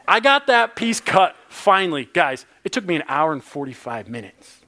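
A man in his thirties, a pastor, preaching a sermon with animated personal stories and laughing asides. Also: a little high, normal speed.

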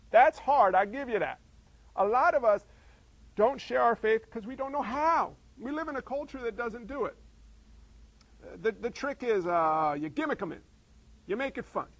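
A man's voice: very high voice, dry recording, poor audio. A middle-aged male pastor preaching a sermon in a conversational way, firing off rhetorical questions.

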